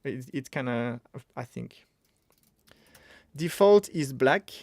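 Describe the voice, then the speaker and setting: Man hosting a casual coding stream, mid-pitched, chatty and excitable, thinks aloud, dry close mic. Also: slow, no echo. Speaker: streamer teaching web development.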